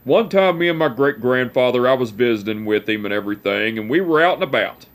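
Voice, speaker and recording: A man's voice: medium pitch, animated, brisk. A man, telling family stories to camera in a rambling, profane way with many restarts. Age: 20s. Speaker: vlogger. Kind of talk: casual storytelling to camera.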